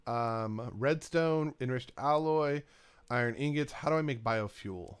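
Male let's-play host, mid-pitched, talks to himself while building, keyboard clicks behind. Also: expressive, measured pace, clear, resonant tone. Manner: talks to himself and game items, rambling. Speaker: gaming YouTuber. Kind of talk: casual let's-play commentary.

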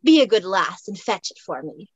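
A woman voicing a wary Highlander man from the past, speaking with a husky Scottish burr in old-fashioned speech. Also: sing-song, normal speed, dry recording. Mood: gruff.

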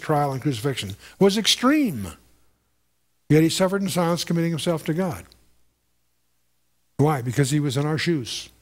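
A man giving a conversational, verse-by-verse Bible teaching, stressing points and repeating phrases, lifting his voice when reading scripture. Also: a little high.

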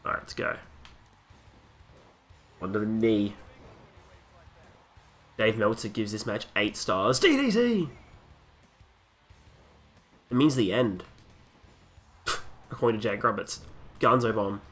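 A young Australian man casually commentating a wrestling video game, joking crudely and breaking into excited wrestling calls. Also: fairly low pitch, a little slow, pauses often, faint music behind. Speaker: gaming commentator. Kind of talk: casual let's play commentary.

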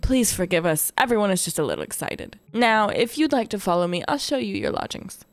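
Woman reading a formal, courteous game mayor, measured, lively pitch, dry. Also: no room sound, close to an everyday voice. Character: polite, formal male town mayor.

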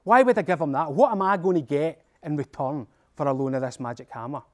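A man with a Scottish accent voicing a gruff old male dwarf who drives a hard bargain. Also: a little high, a little fast, close to an everyday voice. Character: grumpy old male dwarf smith guarding treasure.

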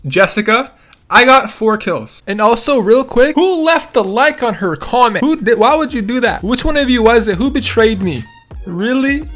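A young man with a notably high voice talks straight to his viewers, playful and mock-offended as he reads out comments. He laughs often, and faint music plays under him. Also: expressive, moderate pace. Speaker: gaming YouTuber. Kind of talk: reading comments to camera.

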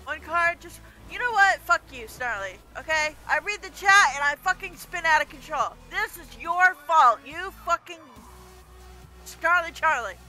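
A woman streaming a driving game, swearing and shouting at other drivers and laughing often. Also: very high-pitched, expressive, moderate pace. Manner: brash, profane, yelling at other drivers. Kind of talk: casual gameplay commentary. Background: game music.

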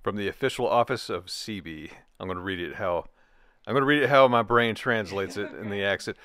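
A man's voice: lowish voice, a little fast, pushed and bright, dry recording, clean studio sound. A man co-hosting a casual commentary show, reading out posts and laughing at his own jokes. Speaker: co-host. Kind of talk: casual commentary reacting to social media posts.

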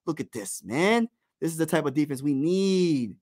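A man calling live basketball play-by-play as a fan host, excited and partisan, dropping slang and talking straight to his chat. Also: fairly high pitch, normal speed.

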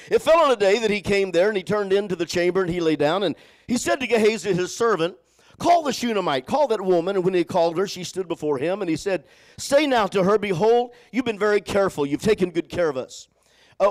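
Male pastor with a high voice, preaches with call-and-response and drops to hushed storytelling, often repeats words as he starts a phrase. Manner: swings from loud exhortation to hushed, low storytelling. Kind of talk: sermon.

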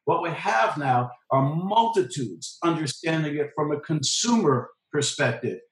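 Man, professor and journalist, emphatic lecturing, somewhat high voice, echoey room. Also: animated, measured pace. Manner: lecturing, emphatic, repeats key phrases. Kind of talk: conversational discussion.

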